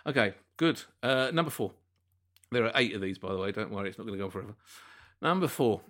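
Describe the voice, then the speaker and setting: A man hosting a football podcast in casual chat, animated and laughing often as he reads a quiz aloud. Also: on the low side, fairly quick. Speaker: podcast host.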